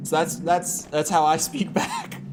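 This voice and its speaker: A man's voice: a little high, lively intonation, measured pace, music in the background. A young American man chatting casually with his stream chat, rambling and stumbling over his words. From United States. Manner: rambling, repeats words when starting sentences. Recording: clear background noise.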